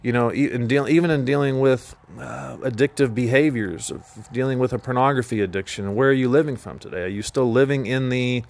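A man's voice: mid-range voice, a little fast, gravelly, few pauses, darkish tone. A man hosting a Christian teaching podcast, talking in an earnest, emphatic preaching manner. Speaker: podcast host.

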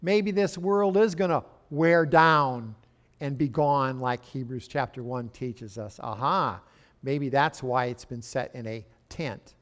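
A man's voice: medium pitch, a bit bright. An older man giving a sermon as a pastor in a church, in a folksy, chatty way with asides to the congregation.

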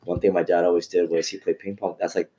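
A comedian chatting casually, excitable and slangy, calling people dude and man. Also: low-pitched, quick pace, background noise. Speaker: comedian guest. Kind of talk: casual chat.

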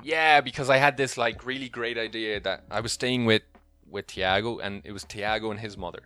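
Bright animated storytelling man. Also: on the low side, a little fast, clear, resonant tone. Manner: animated storytelling with quoted voices. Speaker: podcast co-host. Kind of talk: casual chat.

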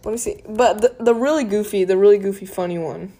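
A woman's voice: mid-range voice, quick pace, dark tone. A young woman hosting a casual chat with a friend, giggly and rambling, often restarting her sentences. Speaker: podcast host.

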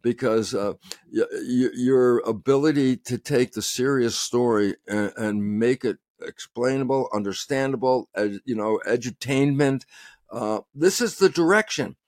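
A man's voice: mid-range voice, a little slow, a little mellow, no echo, studio quality. A man from the United States, a guest scientist in an interview, who talks in a passionate, emphatic way and often quotes himself.

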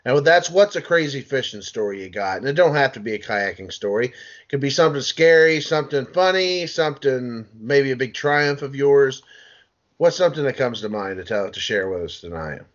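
Podcast host, man, steady everyday voice, low-key questions, muffled audio. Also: normal speed. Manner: calm, plain-spoken, asks set questions. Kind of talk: interview questions.

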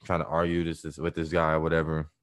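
A man casually telling a story full of profanity, animated and acting out the people in it. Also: a bass voice, a little fast. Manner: profane, animated, acts out voices and laughs.

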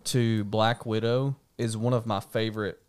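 A man, a pastor guest on a podcast, talking casually in an animated, emphatic way, often laughing and restarting his sentences. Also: fairly low pitch, a little slow, clean tone.

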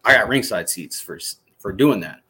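Brief: man, 30s, from Michigan, ex-soldier guest, lower voice, animated profane storyteller. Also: normal speed, slight background noise. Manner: animated, swearing, excited storyteller. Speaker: podcast guest, former soldier. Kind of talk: casual storytelling interview.

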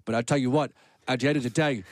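A man's voice: mid-range voice, steady tone, fast talker, dry recording, close to an everyday voice. A man voicing an older male actor with a London accent, telling street-fighting stories in a matter-of-fact way. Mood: reminiscing. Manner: storytelling, matter-of-fact about violence.

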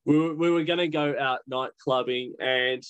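A man's voice: mid-range voice, fairly even intonation, moderate pace, fairly bright tone, clean tone, highs cut off. A young Australian man, a podcast guest, telling his story candidly in a rambling way, full of "like". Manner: candid, rambling with many "like" fillers. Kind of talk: casual storytelling.

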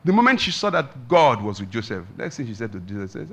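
A man preaching a sermon as a pastor, emphatic, with big swings in pitch and loudness and slow drawn-out emphasis. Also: big pitch swings, creaky.

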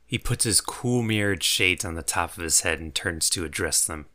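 A man's voice: deep voice, moderate pace, hardly any pauses, bright, forceful tone. A man narrating a fantasy tabletop game as game master, telling the story in a vivid, descriptive way. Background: faint music.

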